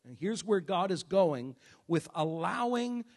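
A man preaching a sermon in church as pastor, emphatic, swinging between shouts and hushed asides. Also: high-pitched, animated, a little slow. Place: church service.

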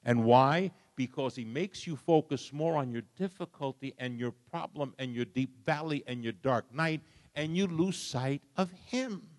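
A middle-aged man preaching a sermon, swinging from soft, low lines to loud, impassioned ones. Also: measured pace. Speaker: pastor.

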